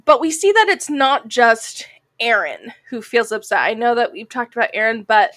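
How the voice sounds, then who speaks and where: A woman's voice: a little high, lively intonation, moderate pace, fairly bright tone, dry recording. A woman co-hosting a casual anime discussion podcast, chatty and full of "like" fillers, sounding a bit like a Valley girl. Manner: chatty, heavy use of "like" fillers. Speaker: podcast co-host.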